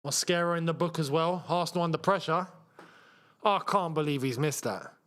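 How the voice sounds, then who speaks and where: A young man hosting a live football watchalong, chatting to his viewers and reacting loudly to missed chances. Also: on the high side, moderate pace. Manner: excitable, shouts at missed chances, banters with chat. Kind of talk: live match watchalong commentary.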